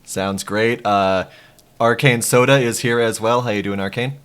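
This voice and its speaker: A man's voice: mid-range voice, steady tone, a little slow, a bit bright, clean tone. A man opening an esports broadcast as caster, introducing each member of the crew with announcer energy. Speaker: play-by-play caster.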